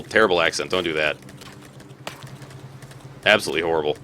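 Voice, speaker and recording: Deep-voiced man thinking aloud over gameplay. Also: brisk, sharp tone, slight background noise. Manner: talks to himself, thinking aloud, laughs often. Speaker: let's play host. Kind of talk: casual gameplay commentary.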